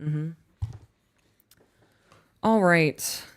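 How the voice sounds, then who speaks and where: Woman host reading emails on a live stream, low smooth voice, blunt and sweary. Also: drawn-out words. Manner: blunt, frank, swears casually.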